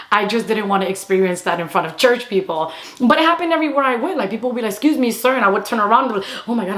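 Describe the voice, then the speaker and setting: A young woman vlogger telling a funny personal story in a fast, animated way, slipping Spanish phrases into her English. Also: mid-range voice. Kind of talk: casual storytime.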